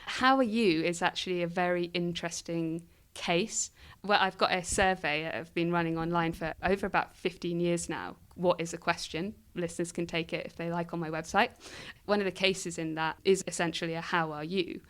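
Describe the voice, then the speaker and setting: Interview guest: woman with a low, smooth voice, explaining ideas thoughtfully. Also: flat delivery, a little fast, fairly bright tone. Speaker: guest philosopher. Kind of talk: interview conversation.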